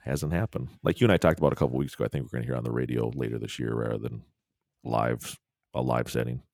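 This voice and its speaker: A man's voice: extremely low pitch, fast, gravelly, no room sound, studio quality. A man co-hosting a podcast in casual chat, swearing freely and telling stories with energy. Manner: swears freely, animated storytelling. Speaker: podcast co-host.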